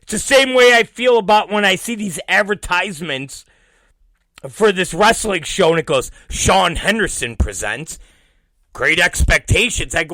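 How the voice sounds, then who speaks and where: A man hosting his own talk show, ranting and storytelling with heavy swearing, swinging between loud outbursts and muttered asides, often laughing. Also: high voice, animated, normal speed, dry recording. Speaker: podcast host. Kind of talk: profane comedic ranting.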